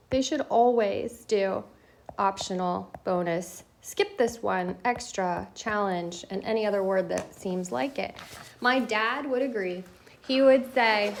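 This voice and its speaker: A woman's voice: fairly high pitch, gravelly. Chatty, emphatic woman host. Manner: chatty, emphatic, laughs between points. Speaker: host of an education talk. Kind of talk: casual solo coffee talk.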